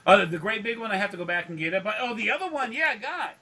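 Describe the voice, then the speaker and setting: A man's voice: high voice, animated, racing, bright, forceful tone, poor audio. A man talking as a spiritual consultant in rambling, profane casual chat that often turns preachy.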